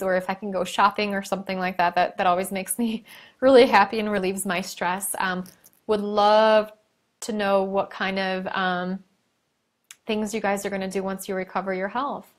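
Effusive woman reading viewer comments. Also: mid-range voice. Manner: warm, effusive and encouraging, with many fillers. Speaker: host of a live reading and Q&A. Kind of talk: casual live-stream chat, reading viewer comments aloud.

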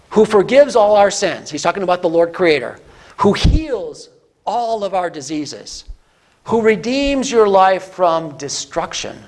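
Male pastor, higher-pitched voice, earnest teaching sermon that repeats points for emphasis. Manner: repeats key lines for emphasis, asks the listeners questions.

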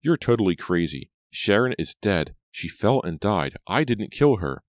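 Frightened teen boy, voiced by a man, raised pitch, loud and agitated, dry sound, audiobook. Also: wildly swooping pitch, a little slow, no echo, exaggerated voice. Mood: panicked. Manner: agitated, pleading. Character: panicked teenage boy, confused and frightened.

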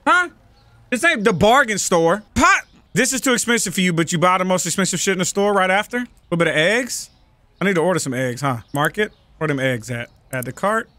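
A man's voice: sits high, expressive, fairly quick, sharp tone, dry recording. A man giving casual, profane let's-play commentary, joking and bantering with the shoppers in a store game. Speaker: gaming channel host.

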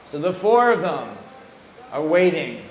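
A man gives an animated, playful storytelling talk at a temple. His voice sits slightly high for a man. The room is echoey, and a faint hiss runs underneath. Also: a little slow. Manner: animated, playful anecdotes with acted quotes. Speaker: speaker at a temple.

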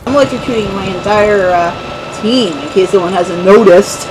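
A man's voice: high voice, a little fast, noisy background. A man giving casual, rambling let's play commentary, joking about himself and the game as he plays. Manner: rambling, self-mocking, chuckling.

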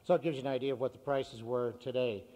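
A man, a farm radio broadcaster, speaks to a meeting in an upbeat voice of middle pitch and rattles off crop and livestock prices. A long hall reverb trails behind his words. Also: fairly even intonation, dark tone. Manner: upbeat, reads figures briskly. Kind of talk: speech reading market prices.

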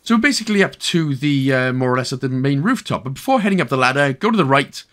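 Lively chatty man narrating a game walkthrough. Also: medium pitch, quick pace. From Wales. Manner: chatty, jokey asides, talks to the player. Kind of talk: casual game walkthrough commentary.

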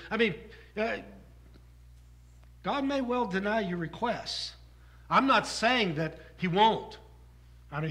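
A man's voice: high voice, a bit bright. A man preaching a sermon from the pulpit in a conversational way, repeating phrases for emphasis. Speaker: pastor. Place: church sanctuary.

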